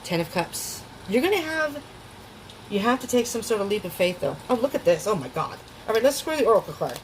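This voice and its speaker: A woman's voice: a little high, big pitch swings, a little fast, rough recording. Tarot reader, woman, casual and emotional delivery, frequent laughs and restarts, faint background noise. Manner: chatty, emotional, laughs often, restarts sentences.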